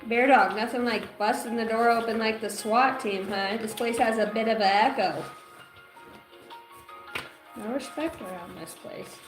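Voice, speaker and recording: A woman's voice: fairly high pitch, steady tone, moderate pace, few pauses. A woman hosting a tarot livestream in casual chat, rambling and crude, with a loose, joking delivery. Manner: rambling and crude, breaks into laughter and song snippets. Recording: echoey room with faint music.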